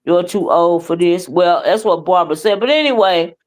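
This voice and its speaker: A woman's voice: lowish voice, normal speed. A woman hosting a live stream, giving heated, profane commentary in a blunt, scolding manner.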